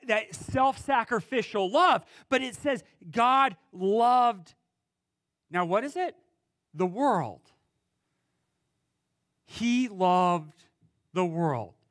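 A man preaching a sermon as pastor, pausing dramatically and swinging between loud emphasis and quiet, low words. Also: dry recording, clean studio sound. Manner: preaching with dramatic pauses and wide swings in pitch and loudness.

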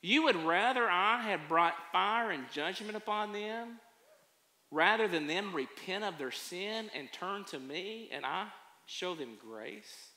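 God as a patient, gently chiding voice, as a preacher puts him on, asking quiet, probing questions. The tone is bright and carries a long echo through a large sanctuary. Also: male voice, high voice, slow, exaggerated voice. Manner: calm, probing rhetorical questions. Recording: echoey church sanctuary.

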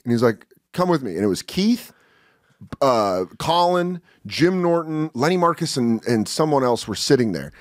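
A man's voice: medium pitch, normal speed, no room sound, clean studio sound. A comedian in his forties, a guest on a podcast, chatting casually and telling stories in which he acts out what other people said. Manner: animated storyteller acting out other people's lines. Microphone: studio podcast mic.

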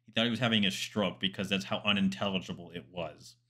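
A man's voice: sits low, steady tone, fast, pushed and bright. A man, a military historian, commenting casually on a documentary, chatty and digressive with asides and fillers.

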